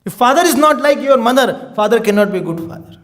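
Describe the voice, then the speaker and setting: A male swami delivers a sermon in a remarkably high voice. His pitch swings widely as he teaches, and he often breaks into chuckles. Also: quick pace. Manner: animated teaching, often laughing, mixing in Hindi and Sanskrit terms. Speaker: swami giving a spiritual talk.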